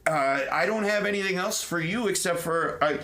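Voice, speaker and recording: A man co-hosting a podcast in casual banter, rambling with restarts and breaking into loud laughs. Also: high-pitched, normal speed. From Italian-American. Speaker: podcast co-host.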